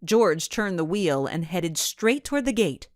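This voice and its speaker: A woman narrating a children's mystery audiobook in an expressive storytelling manner. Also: fairly low pitch, unhurried, no room sound, studio quality.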